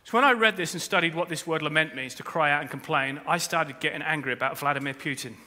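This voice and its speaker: A man preaching a sermon as pastor, animated, jumping between quiet asides and shouted appeals, with humorous asides. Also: fairly high pitch, fast. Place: large church hall. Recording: long reverb of a church hall.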